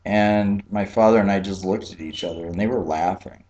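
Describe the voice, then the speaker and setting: Low-voiced man telling a family story. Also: normal speed, highs cut off. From Key West, Florida. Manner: relaxed, chatty, laughs often, frequent fillers. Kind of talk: personal storytelling.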